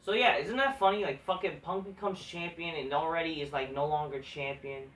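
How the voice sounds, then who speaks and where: A man's voice: a little high, a little fast, fairly bright tone, a little hiss or hum. A man ranting casually and profanely about wrestling news, rambling and exasperated, with lots of restarts. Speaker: wrestling commentary vlogger. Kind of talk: casual rant. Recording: echoey room from far off the mic.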